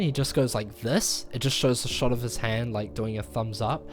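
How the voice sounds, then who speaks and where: A man gives a casual spoken movie review, rambling through the plot with plenty of fillers and acting out the quoted lines. His mid-range voice keeps a fairly even intonation at a normal speed.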